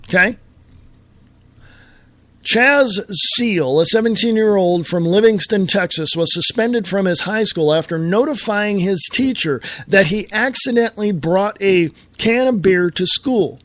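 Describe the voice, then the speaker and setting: High-pitched, fired-up American man. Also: a little slow, a bit bright, dry recording. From United States. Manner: angry, fired-up ranting, then reading news aloud. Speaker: talk radio host. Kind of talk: political talk radio monologue.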